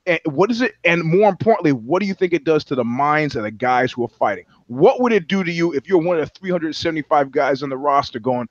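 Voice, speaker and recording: A man's voice: on the high side, animated, fast talker, hardly any pauses, dry recording, lo-fi sound. A man co-hosting a podcast in casual chat, rambling and sardonic, with plenty of profanity. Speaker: podcast co-host.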